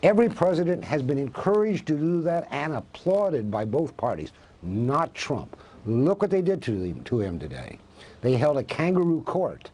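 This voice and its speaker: A male professor speaks as a guest on a televised news interview. His voice is slightly husky, and his pitch swings widely as he argues with passion. He keeps posing rhetorical questions. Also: very animated, moderate pace, warm tone. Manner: impassioned, asks rhetorical questions.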